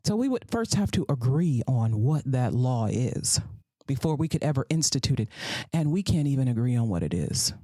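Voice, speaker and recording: A woman's voice: very deep voice, big pitch swings, moderate pace, warm tone, no echo. A woman hosting a solo commentary podcast, sarcastic and profane, who repeats phrases for emphasis and slips into mocking voices. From United States. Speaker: podcast host.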